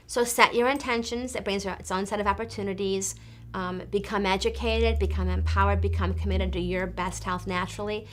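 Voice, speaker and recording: Brief: woman in her fifties, clinic owner, chatty enthusiastic storyteller, mid-pitched voice. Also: steady tone, fairly quick. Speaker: hormone therapy clinic owner and educator. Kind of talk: direct-to-camera talk.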